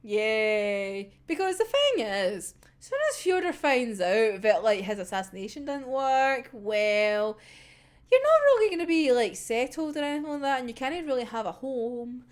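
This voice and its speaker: A woman anime discussion vlogger with a high-sitting voice and big pitch swings speaks at a moderate pace. She casually recaps an episode, giggling often, swearing freely, and acting out the characters' lines.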